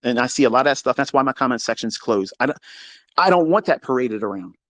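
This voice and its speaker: A man hosting a live audio space, ranting in a profane, combative, boastful way and swinging between low mutters and shouts. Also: lively intonation, fast talker, no room sound.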